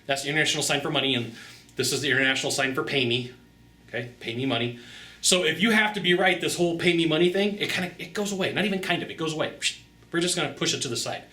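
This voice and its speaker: Bright, energetic man in a roomy space. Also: fairly high pitch, very fast. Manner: energetic, chatty, repeats phrases for emphasis. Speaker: sales coach. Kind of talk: casual direct-to-camera sales tips. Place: Sacramento, California. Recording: roomy echo.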